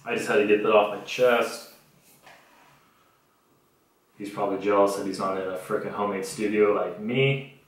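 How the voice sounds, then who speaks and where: A man's voice: lowish voice, fairly even intonation, moderate pace, pauses often, heavy reverb, poor audio. A young man hosting his own podcast from a homemade studio, telling stories in a blunt, profane, sarcastic way. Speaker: podcast host. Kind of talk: casual comedic podcast monologue.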